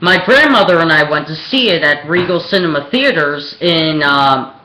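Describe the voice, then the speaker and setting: Young adult vlogger, bright voice, lively swooping pitch, hesitant rant, echoey room. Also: normal speed, slight background noise. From Pennsylvania, USA. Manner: rambling, hesitant, with many ums and restarts. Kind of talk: opinionated film rant.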